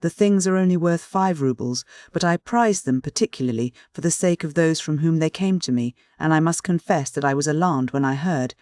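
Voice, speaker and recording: A man voicing a nervous young male student who talks in a strained, hurried way while faking calm. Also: on the high side, dry recording, clean studio sound, natural voice. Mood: anxious.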